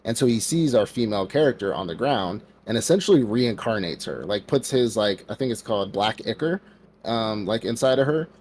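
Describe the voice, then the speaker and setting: A man's voice: fairly low pitch, lively intonation, brisk, darkish tone, slight background noise. A man co-hosting a podcast, retelling an anime plot in a loose, casual way, acting out the characters' lines with lots of "like" fillers. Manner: loose storytelling, acts out quotes, many fillers like "like". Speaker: podcast co-host.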